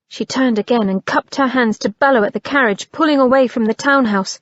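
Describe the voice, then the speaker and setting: A woman narrating an audiobook in a measured, expressive reading. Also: a little high, no room sound, lo-fi sound.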